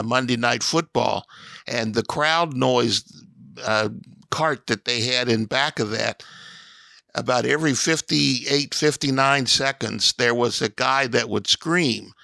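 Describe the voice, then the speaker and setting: A man's voice: mid-range voice, gravelly, bright, forceful tone, no echo. A middle-aged man co-hosting a sports radio show, reminiscing hesitantly with many fillers. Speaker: radio co-host. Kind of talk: casual sports radio talk.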